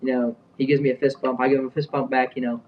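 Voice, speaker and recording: A man's voice: medium pitch, little pitch movement, fast talker. Young man rambling through a story. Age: young adult. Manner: rambling, with many fillers and restarts. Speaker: vlogger. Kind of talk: casual storytelling. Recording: dull sound, a bit far from the mic.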